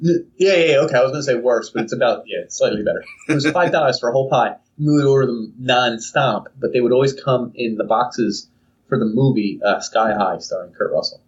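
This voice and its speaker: This casual podcast chat features a young male co-host with a medium-pitched voice and a brisk delivery. He rambles through a tale and plays silly characters, heard through a distant, dull lo-fi mic.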